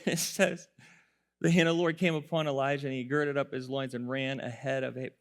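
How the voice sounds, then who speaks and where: A male pastor preaching a sermon, telling the story with animated voices, laughter and occasional shouts. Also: mid-range voice, a little fast.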